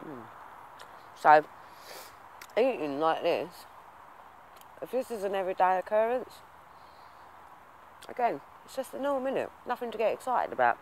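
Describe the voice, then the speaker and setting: A man's voice: sits high, big pitch swings, moderate pace, long pauses, slight background noise, poor audio. Rambling man vlogging. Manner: rambling, self-confessed waffler, many fillers; reflective and earnest. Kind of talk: casual vlog monologue.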